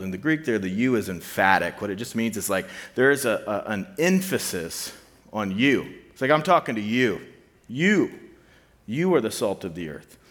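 A man's voice: mid-range voice, a bit bright, in a large hall. A man giving a conversational sermon to a student ministry, casual and full of fillers, repeating key points for emphasis.

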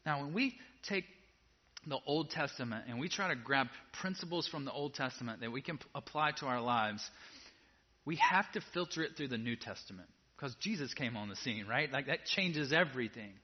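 A man preaching a sermon to a congregation in a casual, direct way, moving between quiet asides and loud emphatic peaks. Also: mid-range voice, animated, moderate pace. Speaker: pastor. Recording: dull lo-fi sound.

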